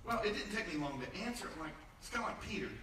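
A man's voice: sits high, expressive, fast, background noise. A middle-aged man preaching a conversational sermon, telling humorous stories and acting out the voices he quotes. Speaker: pastor. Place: church sanctuary. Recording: echoey church from far off.

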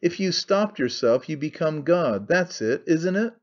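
A man reading an audiobook, voicing an excitable, scheming young conspirator who talks fast and wheedles. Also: fairly high pitch, highs cut off. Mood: persuasive. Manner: fast-talking, wheedling, sly.

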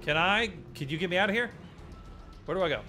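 A man's voice: high-pitched, lively intonation, quick pace, bright, forceful tone, faint music behind. A young man giving casual commentary while playing a horror game, joking, swearing often and yelping at jump scares. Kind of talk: casual let's-play commentary.

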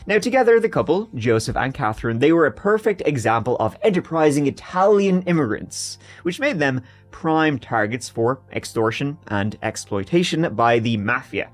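A young man narrates a true-crime story on a podcast with a very lively voice that climbs and dips as he goes. He keeps it casual and jokey, riffing on his own story as he tells it. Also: medium pitch, moderate pace, few pauses, faint music behind.

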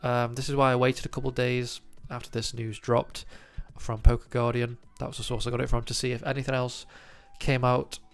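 This trading card news host talks to camera a little fast with few pauses, his medium-pitched voice level, gravelly and nasal from a cold. The tone is clean, faint music sits in the background, and his casual commentary is chatty and full of ums and uhs.

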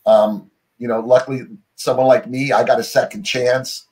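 A man's voice: medium pitch, level tone, moderate pace, darkish tone. A middle-aged American man talks as an interview guest, rambling loosely through his story. He fills his speech with "you know" and breaks off to restart his sentences. He is heard over a remote call. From United States.

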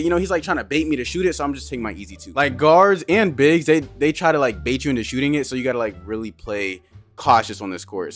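A man's voice: medium pitch, a bit bright. A young man giving casual, slangy gameplay commentary as a gaming YouTuber, dropping "bruh" constantly.

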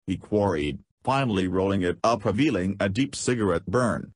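A man narrating an audiobook in a low, husky voice. His reading is steady, and the recording is dry and close with no room sound. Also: moderate pace, hardly any pauses, no echo. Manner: reads dialogue aloud with profanity.

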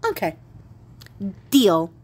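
A woman's voice: mid-range voice, huge pitch swings, extremely slow, heavily acted. A woman doing a cocky fearless youth. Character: fearless cocky young man, unbothered.

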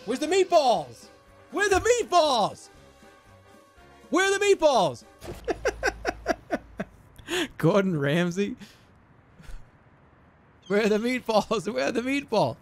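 A man putting on an impression of a furious celebrity chef, shouting insults. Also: very high-pitched, very animated, slow pace, long pauses, soft background music, pitched above the performer's own voice, exaggerated voice. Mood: yelling.

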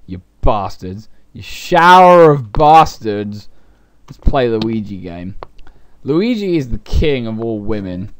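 A young man narrates his gameplay in a sarcastic, rambling comedic style, speaking to his viewers. He swings between dry asides and loud outbursts. Faint plucked guitar music plays behind him. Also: medium pitch. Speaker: let's play commentator.

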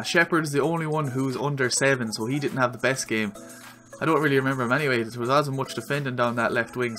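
Excitable Irish man commentating a football game. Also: medium pitch. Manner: excitable, yells at the screen during attacks. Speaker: gaming video creator.

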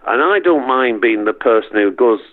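A middle-aged man from Northern England with a Manchester accent, chatting as an interview guest in a halting way with lots of restarts. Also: mid-range voice, lively intonation, phone-quality sound. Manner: halting, many restarts and repeats. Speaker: guest, performer. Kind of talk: casual interview chat.

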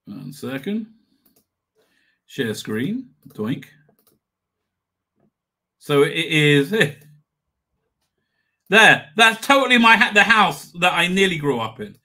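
A man's voice: a little high, sing-song, slow, pauses often, pushed and bright. A middle-aged man hosting a live stream, rambling casually, swearing and chuckling as he reads comments. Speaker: livestream host.

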